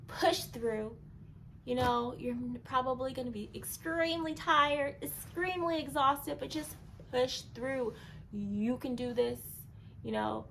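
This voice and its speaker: A young woman vlogging casually to camera, chatty and animated, acting out past moments in a higher voice. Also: measured pace, slight background noise, poor audio.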